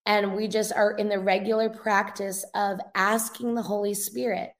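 Woman with a gravelly edge, telling her story. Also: medium pitch, little pitch movement, normal speed. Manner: earnest, emotional storytelling. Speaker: guest, revivalist minister. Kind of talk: conversational testimony in a podcast interview.

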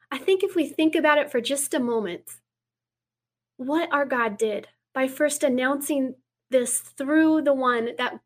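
A woman guest speaking earnestly in an interview, reading scripture aloud and dropping to a hush for quoted words. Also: high voice. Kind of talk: preaching in an interview.

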